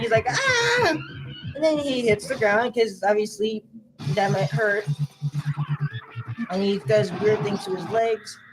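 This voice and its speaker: A woman's voice: mid-range voice, noisy background. A woman giving casual reaction commentary on a video, rambling and guessing aloud with many fillers.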